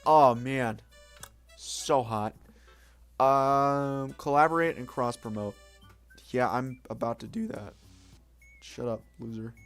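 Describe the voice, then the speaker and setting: Young man, late-night livestream chat, rambling, self-mocking, swears, soft music underneath. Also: medium pitch, slow, pauses often, smooth. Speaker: streamer.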